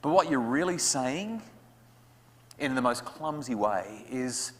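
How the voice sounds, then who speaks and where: A man's voice: medium pitch, animated, slow. Australian man giving a talk in a hall. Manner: conversational and humorous, acts out parents' lines. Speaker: guest speaker on parenting. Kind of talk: public talk to parents. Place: school hall. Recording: long hall reverb.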